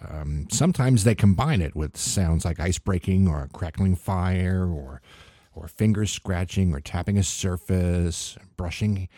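A man hosting a radio comedy show, delivering a wry, scripted monologue with deadpan asides. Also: low voice, a little slow, no room sound. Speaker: comedy podcast host.

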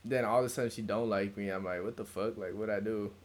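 A man's voice: on the low side, steady tone, fast talker. Laid-back young man, slangy banter. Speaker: podcast co-host. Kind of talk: casual chat. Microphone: podcast mic.

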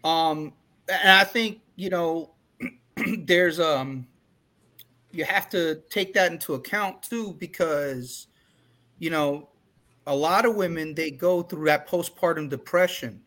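A man in his forties talks candidly on a podcast, his words looping through restarts and asides. His voice is bright and sits a touch high for a man. The delivery is loose and conversational. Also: slow pace. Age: 40s. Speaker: podcast co-host. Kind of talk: casual chat.

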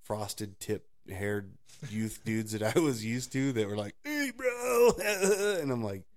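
Low-voiced man rambling through stories. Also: a little slow. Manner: rambling, laughs often, animated storytelling. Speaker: podcast co-host. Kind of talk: casual faith chat.

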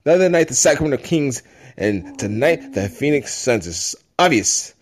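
A man's voice: medium pitch, sing-song, normal speed. A man doing a playful impression of an aggrieved male pro basketball player complaining about unfair treatment. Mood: whiny. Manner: whiny, mock-indignant, playful impression.

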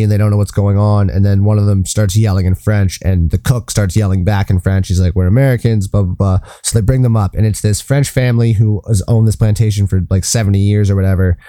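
A man chatting on a podcast, rambling and hunting for the right word, with casual swearing. His voice is mellow and dark. The sound is dry and close, with no room echo. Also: lowish voice, smooth. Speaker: podcast co-host. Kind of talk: casual chat.

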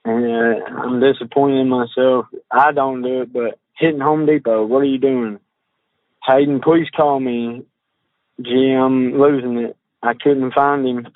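Guy on a tinny phone call, halting drawl, lots of uh and restarts. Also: mid-range voice, steady tone, no echo. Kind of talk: phone interview, reading text messages aloud. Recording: tinny phone line, dry.

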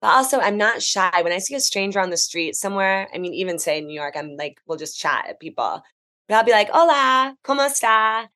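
An American woman, a travel writer guesting on a podcast, telling stories in a chatty, animated, enthusiastic way. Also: on the low side, quick pace. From United States. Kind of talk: casual podcast chat.

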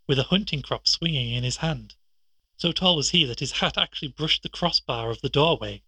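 A man with a husky voice narrating a classic detective story in a measured manner. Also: a little high, bright, forceful tone, dry recording. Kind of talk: scripted audiobook narration.

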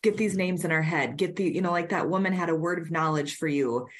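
Heartfelt woman host with a lowish voice. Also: brisk. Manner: heartfelt, reacts with soft exclamations. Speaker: podcast host. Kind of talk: casual faith talk.

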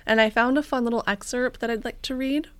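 A woman's voice: on the high side, fairly even intonation, fast talker, dry recording. A woman co-hosting a podcast, chatting casually and jokingly as she tells stories. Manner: joking, storytelling, laughs often. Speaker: podcast co-host.

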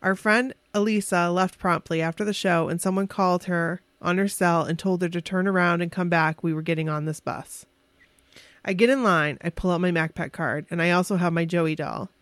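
A woman with a slightly low voice tells an excited, emotional story in a casual podcast chat. She keeps stumbling and restarting as she gets carried away. The sound is dry and close. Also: moderate pace, no room sound.

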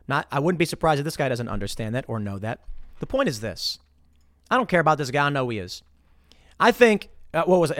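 A man's voice: on the high side, dry recording, studio quality. A man in his thirties hosting a podcast, giving political commentary and acting out heated arguments. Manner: animated ranting, acts out heated bar arguments. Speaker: podcast host.

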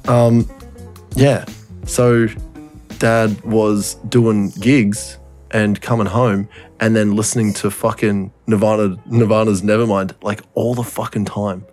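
A man's voice: on the low side, little pitch movement, slow, a little mellow, soft background music. A young man, co-hosting a podcast and telling a family story in casual chat, swearing often and laughing as he talks. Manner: swears a lot, laughs through his story. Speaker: podcast co-host.

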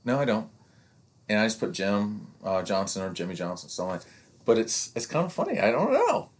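Man, 50s, coach, casual podcast chat, low-ish pitch, rambling, acts out quotes. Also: expressive, fairly quick. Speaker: youth sports coach and podcast co-host.

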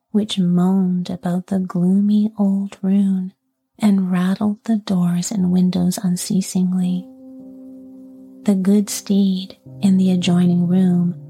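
A woman reading a fairy tale aloud in a soft, calm whisper. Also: mid-range voice, slightly rough. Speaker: storyteller. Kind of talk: whispered storytelling.

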